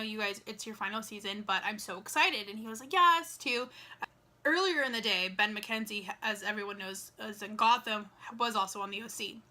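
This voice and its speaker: A woman's voice: on the high side, pushed and bright. A young woman telling a story to her camera in a casual vlog, chatty and full of "like" and acted-out dialogue. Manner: chatty, lots of "like" and quoted dialogue. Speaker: vlogger.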